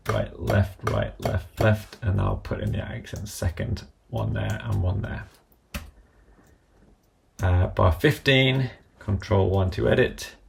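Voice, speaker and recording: A man calmly demonstrating music notation software, calling out each keystroke and step as he goes. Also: lowish voice, gravelly, a little hiss or hum. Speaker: software tutorial presenter. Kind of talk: screen-recorded software walkthrough.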